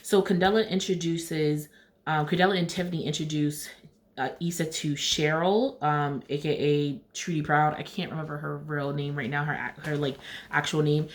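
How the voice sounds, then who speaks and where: Woman, low-pitched voice, chatty TV recap vlog, retells scenes in paraphrased dialogue. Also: steady tone, normal speed. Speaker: TV recap vlogger. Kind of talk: casual TV episode recap.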